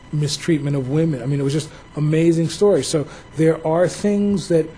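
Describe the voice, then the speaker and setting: Mellow-voiced man from New Jersey, slightly high register, a museum director telling anecdotes at a public talk. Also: slight background noise, poor audio. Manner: anecdotal storytelling, reflective.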